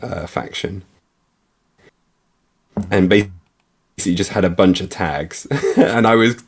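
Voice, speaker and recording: A man co-hosting a casual livestream chat, talking in a relaxed, chatty way with fillers. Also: deep voice, takes it slowly. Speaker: co-host.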